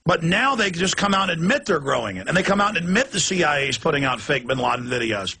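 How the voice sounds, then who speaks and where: Intense, bright-voiced male talk host. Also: fairly high pitch, sing-song, creaky, husky. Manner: rapid, impassioned, ranting. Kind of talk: heated political talk.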